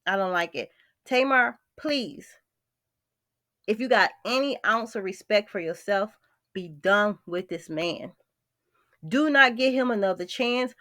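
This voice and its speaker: A woman's voice: medium pitch, lively intonation, unhurried, long pauses, fairly bright tone, no echo, clean studio sound. A woman vlogger, talking bluntly and with exasperation straight to her viewers in a gossip commentary.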